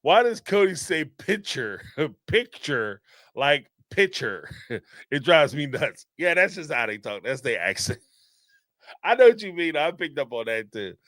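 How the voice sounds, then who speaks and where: High, animated male live-stream host. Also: unhurried, dry recording, clean studio sound. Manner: animated and rambling, laughs often, acts out quotes. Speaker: host of a live call-in show. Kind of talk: casual commentary on a live stream.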